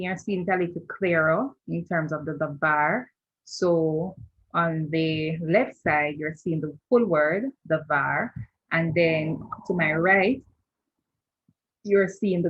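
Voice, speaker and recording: A woman's voice: low voice, slightly rough, highs cut off. A woman teaching a screen-share lesson, patient and repetitive, often checking in with "right?". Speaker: language teacher.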